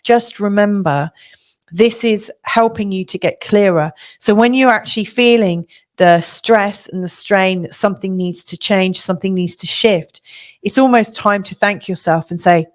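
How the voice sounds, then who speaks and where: A middle-aged woman astrologer giving a monthly forecast in a reflective, coaching way, with many fillers and restarts. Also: medium pitch.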